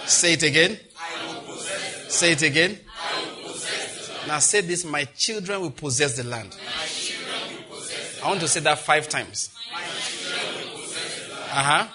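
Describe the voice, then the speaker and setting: A man's voice: on the high side, slow, long pauses. A married man preaching a sermon, boldly leading the congregation in repeated declarations with humor. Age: adult, married. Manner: bold, humorous, leads the crowd in repeated declarations. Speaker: pastor. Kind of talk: sermon with call-and-response declarations.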